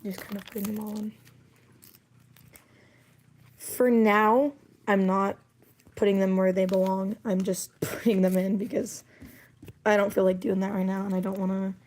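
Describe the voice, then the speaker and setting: A woman's voice: medium pitch, level tone, moderate pace, pauses often, a little mellow, slight background noise. A woman chatting casually on a livestream, rambling and wry with plenty of fillers, while coming down with a cold.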